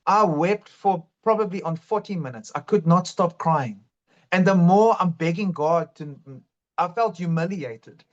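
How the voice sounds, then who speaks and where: A man's voice: sits high, measured pace. A man telling his faith testimony in an earnest, fervent way. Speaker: guest sharing testimony. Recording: dull lo-fi sound.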